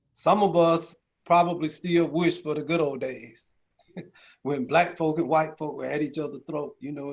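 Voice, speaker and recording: A man's voice: on the high side, vocal fry, darkish tone. A middle-aged man, a county chief executive, speaking at a business round table and telling stories with rhetorical questions and folksy asides. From Georgia, US.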